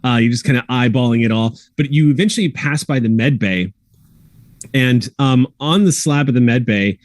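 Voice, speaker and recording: A man narrating a tabletop game as game master, relaxed and full of fillers. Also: medium pitch, no echo.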